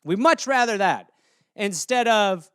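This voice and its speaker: A man hosting a comedy show, riffing casually in an animated, profane way. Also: sits high, unhurried, clean tone, no echo, clean studio sound. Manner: animated, profane, jumps into voices. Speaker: comedy podcast host.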